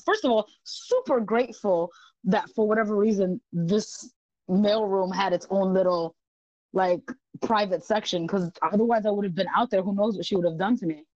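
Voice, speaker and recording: Woman podcast guest, animated storyteller, swears freely, laughs through it, dry close sound. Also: mid-range voice, moderate pace, dry recording, dull audio. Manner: animated, profane, laughs often. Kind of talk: casual storytelling.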